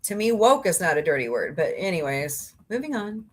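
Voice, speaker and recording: A woman's voice: fairly low pitch, sing-song, brisk. A woman hosting a casual livestream, reading out viewer comments and chatting with sarcastic jokes and laughs. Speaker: livestream host.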